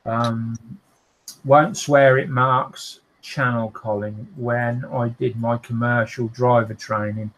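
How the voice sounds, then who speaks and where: A man hosts a relaxed livestream, taking his time as he reads out viewer comments. His talk is full of fillers and small restarts, and he often breaks into laughter. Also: mid-range voice, takes it slowly, slight background noise, low-quality recording. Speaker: host of a modelling livestream. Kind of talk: casual chat, reading out viewer comments.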